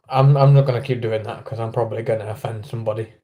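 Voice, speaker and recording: A man's voice: lowish voice, fairly even intonation, fast, dark tone. An English man hosting a casual livestream from home, rambling and self-deprecating as he chats with viewers. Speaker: livestream host. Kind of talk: casual live chat. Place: at home indoors.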